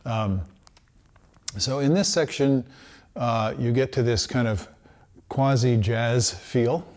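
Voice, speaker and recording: Male music teacher, easygoing lesson delivery, mid-pitched voice, sounds out syllables to demonstrate. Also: slow pace. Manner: relaxed explanatory, demonstrates syllables aloud. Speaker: trumpet teacher. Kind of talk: instructional lesson.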